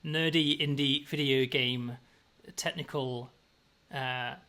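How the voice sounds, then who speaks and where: A man's voice: medium pitch, fairly even intonation, slow, sharp tone. A man who designs games, chatting casually with a dry, self-mocking humor. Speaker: game designer. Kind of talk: casual chat.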